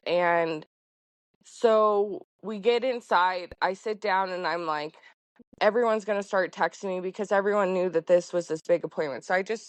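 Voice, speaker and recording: A woman's voice: fairly low pitch, no echo. Chatty woman farmer, dry close sound. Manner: chatty, heartfelt, lots of fillers. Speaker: podcast guest, farmer. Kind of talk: casual conversation.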